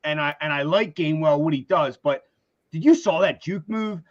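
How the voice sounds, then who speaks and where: Man, high voice, excitable sports co-host, repeats words, a bit muffled sound. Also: moderate pace. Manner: excitable, repeats words, says "dude" a lot. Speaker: podcast co-host. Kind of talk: casual sports chat.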